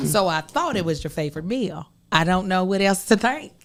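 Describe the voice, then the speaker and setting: A woman's voice: fairly low pitch, very animated, moderate pace. A woman co-hosting a comedy podcast, teasing and laughing in casual chat. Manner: teasing, laughing, repeats "bless your heart". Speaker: podcast co-host.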